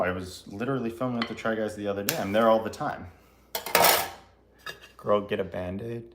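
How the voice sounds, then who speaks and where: A man's voice: fairly low pitch, background noise. A man hosting a live baking stream from his home kitchen, chatting casually, joking and laughing often. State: laughing through a cut finger.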